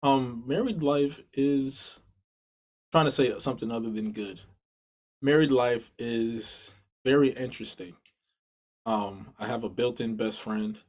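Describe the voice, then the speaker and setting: A man's voice: mid-range voice, unhurried, a little mellow. A man, a musician guest in an interview, talking earnestly and rambling over a video call. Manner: earnest, rambling with restarts and laughs. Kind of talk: casual interview talk.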